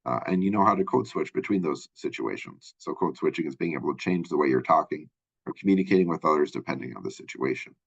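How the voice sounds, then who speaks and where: A man's voice: very deep voice, expressive, quick pace, creaky, breathy edge, no room sound. A man from Minnesota giving a casual recorded lecture as a college instructor, talking in a loose, rambling way with many fillers and tag questions. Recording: dull lo-fi close recording.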